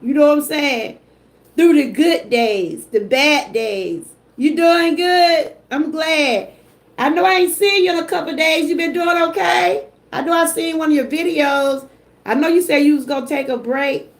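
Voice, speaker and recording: A woman's voice: high-pitched, normal speed. Emotional older woman streaming live. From Georgia, US. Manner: emotional, talks straight to chat viewers. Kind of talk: casual livestream chat.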